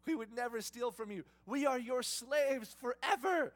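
A man preaching who voices a group of frightened grown brothers, begging in a high frantic voice. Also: moderate pace. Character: panicked pleading grown brothers, men.

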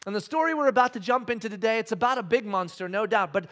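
High, bright-voiced man preaching a story. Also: fast talker. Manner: animated storyteller, swings from quiet to loud. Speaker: pastor. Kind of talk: sermon storytelling.

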